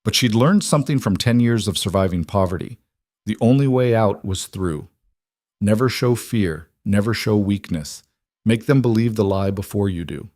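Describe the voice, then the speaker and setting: Low-voiced man narrating a drama. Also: moderate pace, a little mellow, no room sound, studio quality. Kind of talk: scripted narration.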